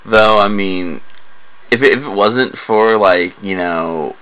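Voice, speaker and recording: A man's voice: lowish voice, takes it slowly, fairly bright tone, clean tone, dull audio. A man co-hosting a podcast, chatting casually and jokingly about a movie, swearing and teasing his co-host. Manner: joking, swearing, mock voices.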